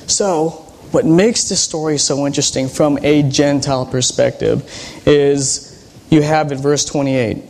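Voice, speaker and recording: A man's voice: a little high, darkish tone, slight background noise. A man, a pastor, preaching a sermon in a teacherly way, quizzing the congregation and retelling Bible stories with animation.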